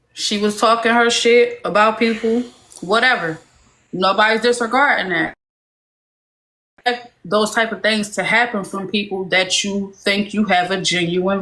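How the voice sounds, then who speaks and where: Woman, mid-pitched, earnest and steady, arguing her point. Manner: earnest, defending someone. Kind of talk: live-stream panel debate.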